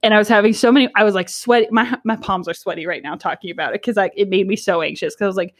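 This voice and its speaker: A woman in her twenties co-hosts a podcast and tells a story in relaxed conversation, animated and giggly, saying "like" a lot. Her voice sits at a medium pitch, and she races along with hardly any pauses.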